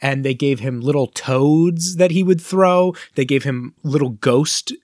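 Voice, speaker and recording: A man co-hosting a podcast, chatting casually and explaining comic lore in an animated, nerdy way. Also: fairly high pitch, a little slow, no room sound, studio quality. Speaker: podcast co-host. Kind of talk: casual chat.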